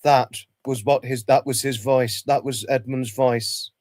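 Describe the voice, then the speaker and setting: A man speaks on a casual livestream in a middle-pitched voice, talking haltingly, circling back and repeating phrases as he gropes for words. The sound is dry and close, with no room around it. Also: fairly even intonation, a little mellow, no room sound. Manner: halting, repeats himself, many restarts. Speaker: livestream host.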